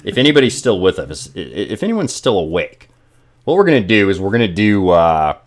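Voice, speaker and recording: A man's voice: sits low, sing-song, fairly quick. A man hosting a casual gaming live stream, joking and rambling with lots of fillers.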